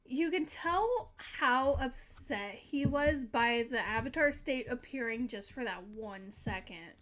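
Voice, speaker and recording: High-voiced, teary young woman reacting. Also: animated, slow, a bit bright, slight background noise. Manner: emotional, teary, casual swearing. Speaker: reaction video host. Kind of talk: casual reaction commentary.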